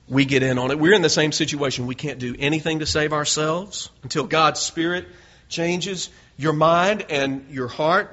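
A man's voice: a little high, sharp tone. A male pastor preaching a sermon in an earnest way, building to emphatic peaks. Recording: dull lo-fi recording.

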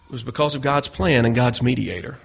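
A man's voice: mid-range voice, brisk, gravelly, breathy edge. A male pastor preaching a sermon in an earnest way, building to emphatic peaks. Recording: dull lo-fi recording.

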